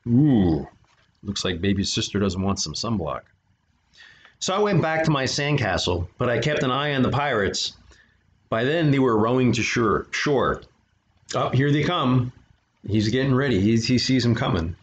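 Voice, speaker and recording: A man's voice: mid-range voice, lively intonation, moderate pace, a little hiss or hum. A man reading a children's picture book aloud as a storyteller, breaking off for chatty asides to his listeners. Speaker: storyteller for an art studio. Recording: dull lo-fi recording.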